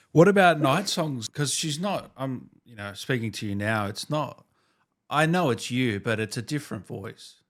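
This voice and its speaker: Man, mid-pitched voice, podcast host, eager questions, casual. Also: lively intonation. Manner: eager, quick questions, laughs. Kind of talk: casual interview.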